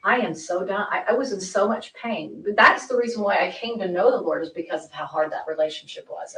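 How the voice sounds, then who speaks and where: A woman's voice: lowish voice, fairly bright tone. A woman speaking in a recorded interview, rambling and acting out quoted conversations with many restarts. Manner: rambling, acts out quoted dialogue. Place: interview room. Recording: echoey room from far off, faint noise.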